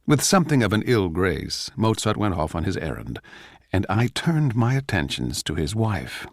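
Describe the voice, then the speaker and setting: A man with a low voice narrates in a measured, urbane way, his delivery swinging widely between lines. It is a scripted, theatrical dramatic reading, close and dry. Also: very animated, dry recording.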